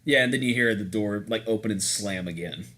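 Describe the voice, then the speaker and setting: A young man narrating as game master, casual and joking with many halting restarts. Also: on the low side, noisy background.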